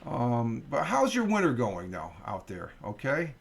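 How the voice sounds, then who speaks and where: A middle-aged man chats on a morning livestream, reading a news piece aloud and wandering off into asides. His voice is gravelly, pitched in a plain middle range, and he talks into a desk mic at home. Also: wildly swooping pitch, a little slow. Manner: rambling, reads news aloud with asides and fillers. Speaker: livestream host. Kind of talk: casual morning stream chat.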